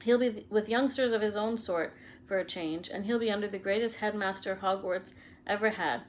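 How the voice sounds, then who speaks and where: A big gruff half-giant gamekeeper with a rough country way of talking, put on by a woman reading aloud. He is warm-hearted and blunt. A faint hum sits behind the storybook reading. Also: medium pitch, moderate pace, natural voice. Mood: indignant. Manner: rough country speech, dropped words.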